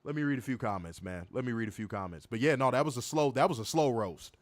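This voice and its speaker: A young man co-hosting a wrestling review livestream, reading chat comments and trash-talking in a profane, animated way. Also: mid-range voice, quick pace, no echo. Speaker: wrestling podcast co-host.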